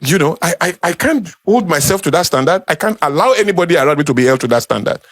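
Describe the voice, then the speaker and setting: Nigerian man, Yoruba accent, slightly raised pitch, emphatic and conversational delivery to a room. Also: animated, fast talker, a bit bright. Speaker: speaker. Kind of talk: informal talk to a small group.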